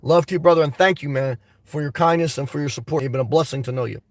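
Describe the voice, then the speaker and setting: A man hosts a casual live stream and rambles animatedly as he answers his viewers. His voice sits high and has a gravelly edge. He is heard from a bit away from the mic in a dry room. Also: quick pace, no echo, far from the mic. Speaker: live stream host reading viewer comments.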